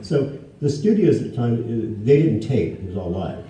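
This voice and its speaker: A man in his sixties from the United States tells anecdotes to a live audience as a guest speaker, acting out the dialogue in animated voices. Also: medium pitch, moderate pace. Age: 60s. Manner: animated, acts out quoted dialogue in raised voices. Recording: echoey hall, distant mic, faint ambience.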